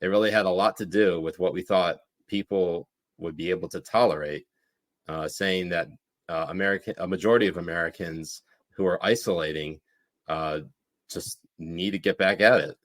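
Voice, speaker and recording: A young man with a fairly low voice co-hosts an irreverent political podcast. He talks casually, in a joking tone, as he works through the news of the day. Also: moderate pace. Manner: jokey, reads headlines with mock dramatic voices, laughs a lot. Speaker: podcast co-host.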